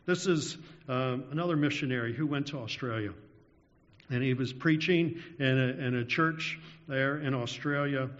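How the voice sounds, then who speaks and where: A man's voice: medium pitch, a bit bright. Man preaching in a reverberant hall. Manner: anecdotal, chuckles through stories, slows down in prayer. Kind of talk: sermon storytelling ending in prayer. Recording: dull lo-fi sound with long hall reverb.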